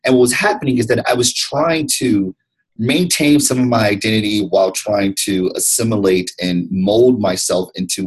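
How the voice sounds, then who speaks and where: A man from Detroit talks as a podcast guest, his voice somewhat low and a little husky. He speaks earnestly and reflectively, circling back and restarting phrases as he thinks. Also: low-quality recording. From Detroit, USA. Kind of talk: candid interview conversation.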